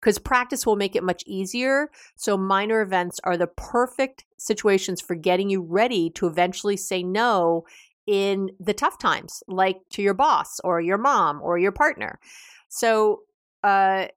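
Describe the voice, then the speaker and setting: A woman's voice: mid-range voice, measured pace, no room sound, studio quality. A woman hosting an advice podcast, who talks casually, laughs often and restarts and repeats her words. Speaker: podcast host.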